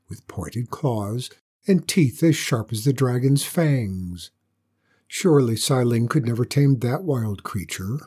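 A man reading a storybook aloud as narrator, in a calm, steady manner. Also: medium pitch, breathy edge.

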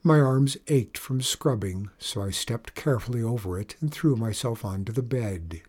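A man with a husky voice narrating a story in a measured, low-key first-person telling. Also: animated, darkish tone.

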